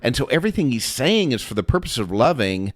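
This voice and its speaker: A man's voice: medium pitch, big pitch swings, fast. A man co-hosting a podcast, earnestly talking through a Bible passage in casual conversation, asking pointed questions with restarts. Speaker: podcast co-host.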